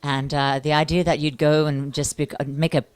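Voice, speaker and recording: A woman's voice: sits low, little pitch movement, normal speed, smooth, no echo. A woman activist and interviewer, talking earnestly and at length in a casual on-camera chat. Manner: earnest and talkative, with fillers and restarts. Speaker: interviewer and animal welfare activist.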